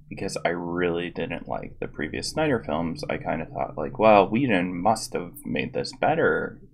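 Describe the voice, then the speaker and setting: A man with a very low, gravelly voice talks through a movie review in a loose, rambling way. He hedges often and fills gaps with ums and likes, keeping a wry, offhand tone. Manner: rambling, wry, hesitant with many fillers. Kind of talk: casual spoken review. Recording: audio popping.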